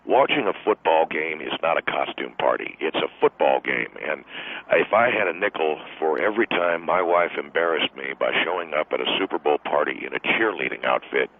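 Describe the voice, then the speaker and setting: A very low, gruff-sounding football coach in middle age rants on and on with blustering indignation, as a man puts him on. He comes through a thin, tinny phone line, his voice squeezed into a narrow band. Every sentence carries the same sulky grievance. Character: irritable middle-aged male football coach who resents wives at games.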